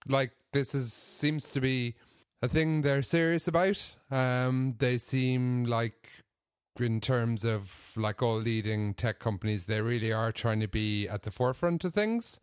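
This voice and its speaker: A man's voice: medium pitch, unhurried, clean tone, no echo, clean studio sound. A man co-hosting a podcast in casual chat, easygoing with stammering restarts. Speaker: podcast co-host.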